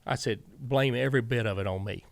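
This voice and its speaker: Speaking fast in a creaky, medium-pitched voice, a middle-aged Southern man who once worked as a racing crew chief rambles through long stories as an interview guest. He quotes himself and others in this casual, dry-sounding recording.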